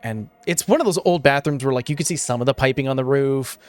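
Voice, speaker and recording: A man's voice: mid-range voice, quick pace, soft background music. Man narrating as game master. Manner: relaxed, many filler "uh"s.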